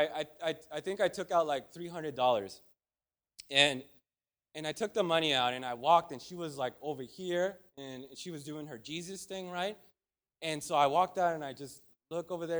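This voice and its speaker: A man preaching in a conversational, storytelling way, full of restarts and asides. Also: on the high side. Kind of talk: storytelling sermon.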